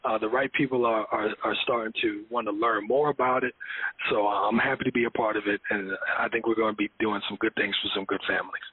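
A male co-host in casual podcast chat, with a husky voice, telling anecdotes in a halting way and repeating words as he restarts. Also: on the low side, fairly even intonation, no echo. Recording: dry, tinny phone-like sound.

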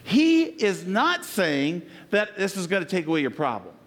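Animated, high-voiced male preacher. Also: moderate pace. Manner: emphatic preaching that drops to soft, low, intimate passages. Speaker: pastor. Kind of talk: sermon.

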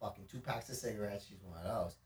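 A man guesting on a casual podcast, telling stories in a lively, profane way, laughing through them. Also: lowish voice, fast talker, recorded from a distance, slight background noise. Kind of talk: casual chat, storytelling. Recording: echoey room, a bit away from the mic.

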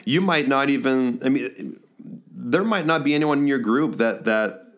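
A middle-aged male pastor talking earnestly to small-group leaders on a podcast, halting often with restarts and fillers. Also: mid-range voice.

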